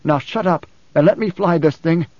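A man voicing a tense male pilot and swordsman who talks in a curt, gruff, grating way. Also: on the high side, moderate pace, a little mellow, dry recording, pitched above the performer's own voice, lightly acted. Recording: slightly dull dry recording.

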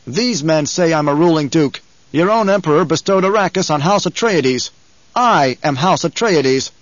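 Man doing a stern young duke, commanding, raised and loud, dull dry recording. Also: on the high side, expressive, normal speed, no room sound, natural voice. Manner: commanding, shouted orders.

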